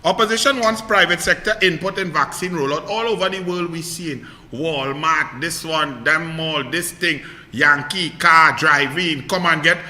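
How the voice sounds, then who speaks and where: A man with a Trinidadian accent giving a fiery, sarcastic political rant that often rises to shouting. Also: fairly high pitch, moderate pace, hardly any pauses. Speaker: political commentator. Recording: echoey room with long reverb.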